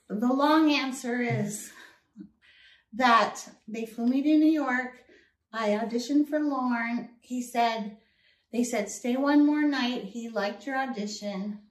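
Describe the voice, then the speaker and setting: A woman guest telling lively stories in a casual interview, acting out voices as she goes. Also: on the high side, slow pace, long pauses, reverberant, far from the mic, poor audio. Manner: animated storyteller who acts out voices. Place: host's apartment.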